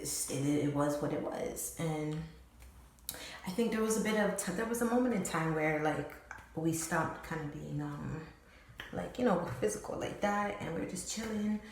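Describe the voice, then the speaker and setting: A young woman vlogger tells a story in loose, slangy chat full of "like" and swearing. Her voice sits a little low for a woman. It rings around a very echoey room over faint background noise. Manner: slangy, profane, animated retelling with lots of "like".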